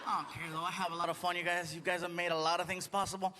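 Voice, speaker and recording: A man performing a stand-up comedy set on a theater stage, chatty and animated with the crowd. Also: sits high, very fast, long reverb tail. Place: theater stage before a live audience. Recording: live audience noise and crowd.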